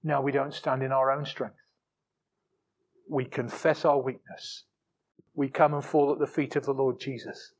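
A man preaching a sermon, emphatic, swinging between forceful peaks and low asides, often repeating words as he restarts phrases. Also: little pitch movement, measured pace, pauses often.

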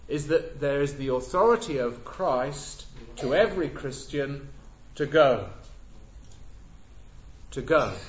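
A man preaching a sermon, measured and emphatic, leaning on repeated words. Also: mid-range voice, darkish tone. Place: church. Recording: echoey church, dull lo-fi sound.

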